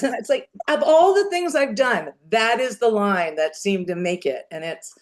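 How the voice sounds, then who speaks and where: A woman guest on a podcast, telling stories in an animated, laughing way. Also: a little high, normal speed. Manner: animated storyteller, laughs often. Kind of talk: casual interview chat.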